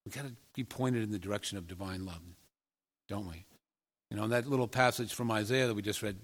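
A man's voice: mid-range voice, fairly bright tone. A male pastor gives a sermon from a church sanctuary, and his voice rings with a long echo through the big room. He talks in a loose, conversational way and keeps checking in with his listeners with friendly questions. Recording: long reverb of a large hall.

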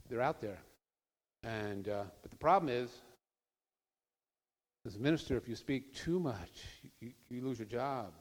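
Man, mid-pitched, earnest conversational speaker to a live audience, long hall reverb. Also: a little mellow. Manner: earnest, conversational, rising to emphatic. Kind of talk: informal public talk.

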